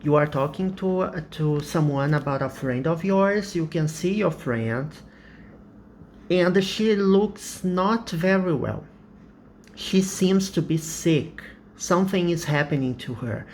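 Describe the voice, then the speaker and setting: A man with a Brazilian accent, a native Portuguese speaker, explains English grammar deliberately as a teacher, checking in with "okay?" again and again. His fairly high voice is slightly mellow, and the recording has a little hiss or hum.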